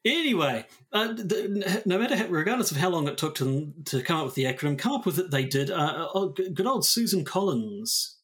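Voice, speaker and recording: A man's voice: sits high, expressive, brisk, few pauses, a bit bright, slightly rough. A man co-hosting a podcast in casual chat, rambling and correcting himself as he reads a statement aloud. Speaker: podcast co-host.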